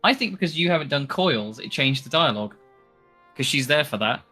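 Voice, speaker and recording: Bright-sounding dude gabbing about games, lots of likes and restarts, faint music behind. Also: male voice, mid-range voice, animated, husky. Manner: chatty, fast restarts, lots of "like". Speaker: gamer. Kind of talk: casual chat while gaming.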